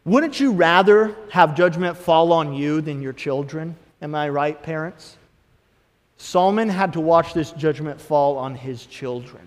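A man in his thirties preaching a sermon as pastor, swinging between emphatic bursts and quieter asides. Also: fairly high pitch, measured pace. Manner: preaching with rising emphatic bursts and acted inner voices. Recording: long hall reverb.

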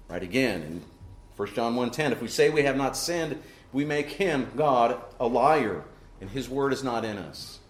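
Guy preaching a sermon, earnest, keeps saying right?, echoey church room. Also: mid-range voice. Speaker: pastor.

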